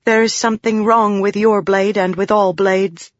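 An audiobook narrator voicing a determined, quick-thinking young woman, in a dull, dry recording. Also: medium pitch, flat delivery, no echo, voice pushed up, natural voice. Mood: urgent.

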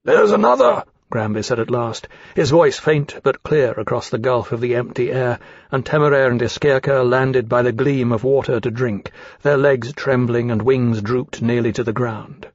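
A man reading a fantasy novel aloud as narrator, in a measured, steady storytelling way. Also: mid-range voice, no echo. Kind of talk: audiobook narration. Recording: dull dry studio sound.

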